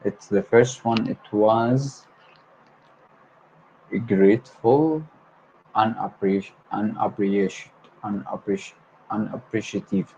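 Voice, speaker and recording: Low-voiced guy, arabic native, livestreaming english word practice, keeps repeating words, faint hiss in the background. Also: fairly even intonation, slow pace, pauses often, dark tone, lo-fi sound. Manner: repeats words over and over, stumbles and corrects himself. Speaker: language learner hosting a livestream. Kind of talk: solo livestream vocabulary practice.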